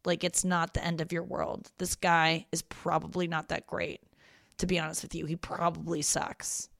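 A woman's voice: on the low side, flat delivery, moderate pace, creaky, fairly bright tone, no room sound, clean studio sound. A young woman hosting a casual advice podcast, frank and profane, talking a listener through heartbreak in a reassuring way. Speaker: podcast host giving advice.

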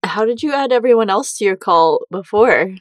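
A woman's voice: mid-range voice, moderate pace, no room sound. A woman guest on a podcast, chatting casually over a remote call and giggling often. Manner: giggly, relaxed.

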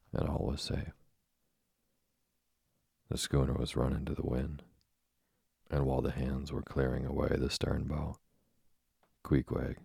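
A man narrates a classic sea story with a very deep, gravelly, husky voice that stays low and flat. His delivery is measured and dramatic, recorded close and dry. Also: no echo. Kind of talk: audiobook reading of a classic novel.

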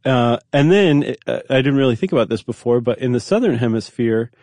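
A man's voice: mid-range voice, lively intonation, brisk, darkish tone, no room sound, studio quality. A man hosting a podcast, explaining facts in casual chat with fillers and restarts. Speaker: podcast host.

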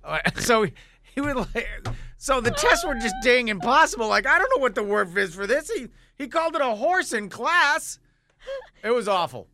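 Lively, high-voiced man hosting radio. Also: normal speed. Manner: jokey, laughs often, animated. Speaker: radio morning show host. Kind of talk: casual radio banter.

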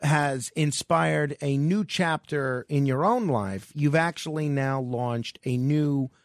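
A man hosting a radio talk show, brisk and upbeat as he runs the interview and calls. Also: fairly high pitch, no room sound, studio quality. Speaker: radio host. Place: radio studio. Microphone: studio microphone.

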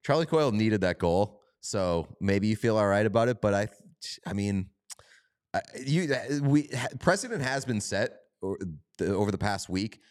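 Podcast co-host, male, lowish smooth voice, loose joking delivery. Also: lively intonation, normal speed, a little mellow, dry recording, clean studio sound. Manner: loose, joking, swears casually. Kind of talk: casual sports chat.

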